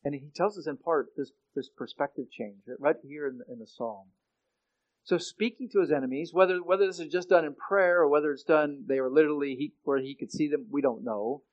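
A man preaching a sermon in an earnest way, often restarting his sentences and growing loud when he quotes scripture. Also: on the high side, fairly quick, highs cut off. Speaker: pastor.

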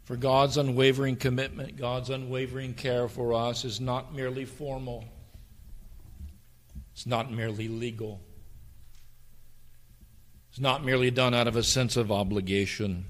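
Impassioned male preacher, bright tone. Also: mid-range voice. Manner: impassioned preaching, dropping to near-whispers and rising to fervent climaxes. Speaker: pastor. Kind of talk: sermon.

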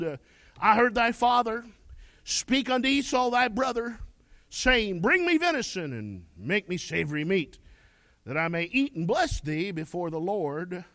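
A man's voice: high voice, sing-song, unhurried, a bit bright, no echo. A man preaching a sermon, reading scripture aloud and then pressing his listeners with pointed questions. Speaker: pastor.

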